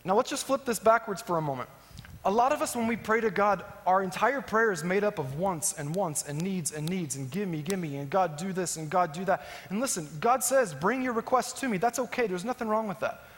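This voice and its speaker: A man preaching as a pastor, swinging between emphatic rising lines and soft, low endings. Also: lively intonation, a little fast. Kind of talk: sermon. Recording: long hall reverb.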